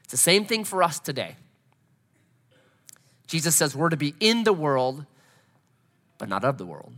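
A man's voice: fairly high pitch, big pitch swings, a little slow, sharp tone. A man in his forties, a pastor preaching a conversational sermon who tells stories and acts out scenes. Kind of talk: sermon with storytelling. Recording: long hall reverb.

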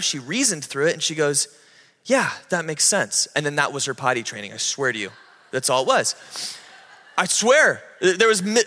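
A man in his thirties preaching a sermon, telling the story with animated energy and acting out the people in it. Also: fairly high pitch. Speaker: pastor. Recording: long hall reverb.

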